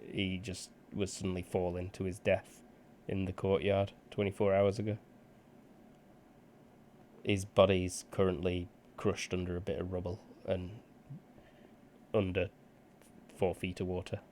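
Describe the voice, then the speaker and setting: A low-voiced man narrating a tabletop game as game master. He describes the scene casually, with fillers and restarts along the way. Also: completely flat delivery, a little slow, pauses often, darkish tone, slight background noise.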